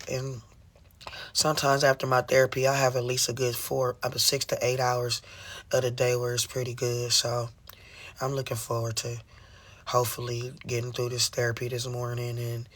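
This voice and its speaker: A vlogger in a personal monologue, talking casually in street slang and preaching fervently about prayer and tears. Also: mid-range voice.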